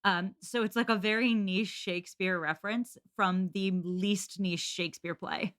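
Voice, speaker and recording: A woman guesting on a podcast, speaking at an ordinary middle pitch. She chats casually with wry, quick asides and playful quoted lines. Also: fairly even intonation, fairly bright tone. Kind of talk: casual chat.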